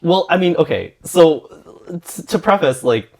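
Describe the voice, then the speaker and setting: Young guy on a podcast, kinda hesitant, pitch jumping all over. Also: expressive, measured pace, a little mellow. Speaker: podcast co-host. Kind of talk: casual group chat.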